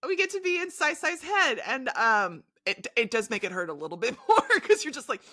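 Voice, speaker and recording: A woman's voice: high voice, moderate pace, no echo, studio quality. A woman co-hosting a podcast, chatting casually and playfully about a game, often slipping into mock voices. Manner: animated, playful, quotes characters in mock voices. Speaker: podcast co-host.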